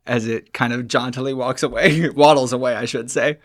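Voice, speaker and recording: A man narrating a tabletop game as game master, in a relaxed, descriptive way with fillers. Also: mid-range voice, brisk.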